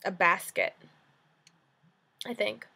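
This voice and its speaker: A woman's voice: medium pitch, slow pace, gravelly, bright, forceful tone. A young woman from New Jersey with a Jersey accent, chatting casually to camera in a rambling, giggly way with lots of fillers. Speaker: vlogger.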